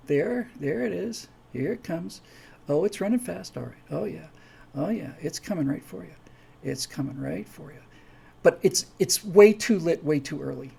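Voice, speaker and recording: A man's voice: a little high, creaky, warm tone, breathy edge. A man hosting a live stream, talking casually and rambling with many restarts and asides. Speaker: host.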